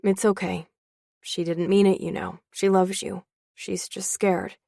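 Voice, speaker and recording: A woman voicing a gentle father who comforts his daughter softly in an audiobook. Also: mid-range voice, level tone, measured pace, vocal fry, dry recording, studio quality. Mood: soothing. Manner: soft, soothing. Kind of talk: audiobook character voice.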